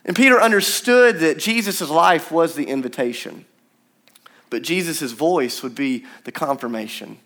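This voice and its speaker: A young man delivers a sermon with a fairly high voice. He preaches in a chatty, animated way and slips into the voices of the people in his story. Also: normal speed. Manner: animated, conversational preaching with acted-out quotes. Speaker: pastor.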